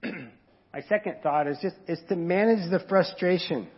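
A man with a husky, somewhat high voice delivers a casual, conversational sermon. The recording sounds dull and lo-fi, and he sometimes slips into quoted voices that rise in pitch and volume. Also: measured pace. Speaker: pastor.

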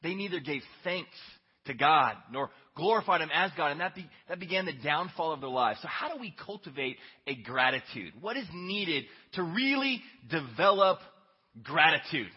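A man preaching a Sunday sermon, telling a story in an earnest, conversational way that swings between hushed and emphatic. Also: a little high, lively intonation, moderate pace, slightly rough. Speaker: pastor. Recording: echoey hall, dull lo-fi sound.

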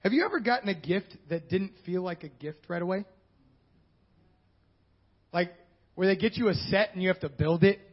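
Husky high-voiced male pastor. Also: expressive, moderate pace, pauses often. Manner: conversational, joking asides. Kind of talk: sermon. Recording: dull lo-fi sound.

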